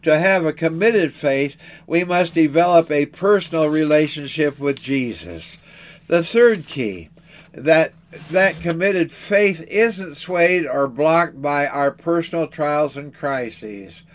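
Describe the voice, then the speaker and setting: A man preaching a sermon in an earnest, measured way, asking rhetorical questions. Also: on the high side.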